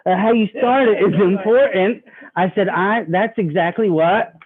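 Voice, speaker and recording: Folksy sales trainer, man, slightly high voice, phone-thin sound. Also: normal speed. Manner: folksy, acts out customer dialogue. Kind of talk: sales training talk with role-played pitches. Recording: tinny phone-like audio.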